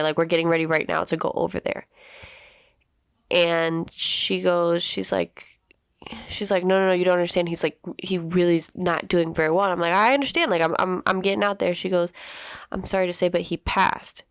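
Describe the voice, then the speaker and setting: A woman in her thirties, a podcast host telling a personal story in an emotional, halting way with many restarts. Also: lowish voice, gravelly, clear, resonant tone, no room sound, clean studio sound. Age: 30s.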